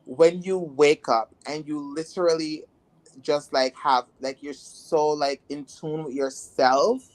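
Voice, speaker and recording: A woman's voice: low voice, fairly even intonation, slow. Blunt, rambling woman guest. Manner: blunt, rambling, frequent "like" fillers. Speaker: interview guest. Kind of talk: casual candid conversation.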